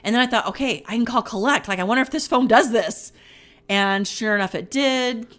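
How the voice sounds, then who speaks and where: A woman's voice: a little high, fairly quick, fairly bright tone. A middle-aged woman co-hosting a podcast, telling a story in casual chat and acting out her own panicked quotes. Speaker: podcast co-host.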